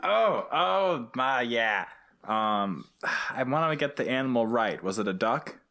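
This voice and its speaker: A man co-hosting a casual comedy podcast, sarcastic and deadpan, swearing freely. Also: on the low side, a little slow. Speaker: podcast co-host. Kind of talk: casual comedic recap chat.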